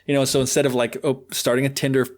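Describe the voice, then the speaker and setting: A man's voice: mid-range voice, level tone, fast. A male podcast host retells a fairy tale in a loose, joking way. He is chatty and full of fillers. His voice sits in an ordinary middle register. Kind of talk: casual storytelling.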